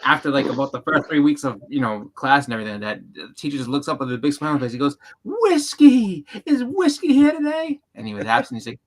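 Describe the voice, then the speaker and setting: Bright-voiced rambling storyteller man. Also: medium pitch, rapid-fire, hardly any pauses. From Boston area. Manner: rambling storyteller, acts out quotes. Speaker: channel host, comic collector. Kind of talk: casual group chat on a video call.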